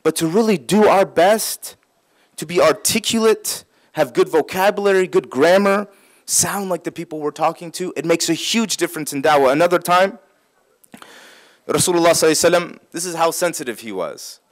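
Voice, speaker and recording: A man with a fairly high voice delivers a religious talk. He explains each point patiently and repeats key phrases for emphasis. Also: a little fast. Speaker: Islamic speaker.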